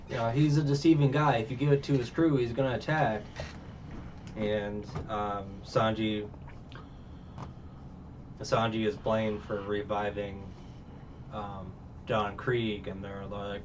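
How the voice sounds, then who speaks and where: A man's voice: on the low side, flat delivery, takes it slowly, long pauses, distant mic. A man talks through a show recap in a loose, rambling way, stacking fillers and breaking into laughs. He sits away from a dull microphone, and faint noise hums behind him. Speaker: reviewer. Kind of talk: casual episode recap.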